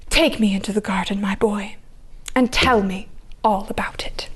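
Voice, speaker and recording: A woman voicing a stunned, tender middle-aged father in a breathy, halting hush during a story reading. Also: extremely high pitch, very animated, heavy background noise, voice pushed up.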